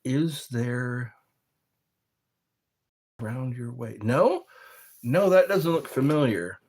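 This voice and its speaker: A man from the United States, a bit tipsy from wine, casually chatting on a live stream and reading viewer comments aloud in a slow, rambling way. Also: mid-range voice, expressive, a little mellow. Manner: slow, rambling, reads chat messages aloud.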